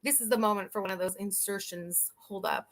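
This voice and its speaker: A woman's voice: medium pitch, fairly even intonation, a little fast, fairly bright tone. A woman hosting a casual live stream, chatty and laughing often, swearing freely and talking to her chat.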